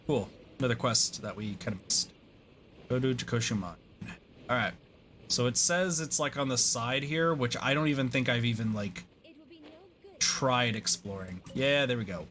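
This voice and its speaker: A man's voice: mid-range voice, lively intonation, a little slow, bright, forceful tone, a little hiss or hum. Rambling man streaming a game. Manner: rambling, self-deprecating, with many fillers. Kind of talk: casual gaming commentary.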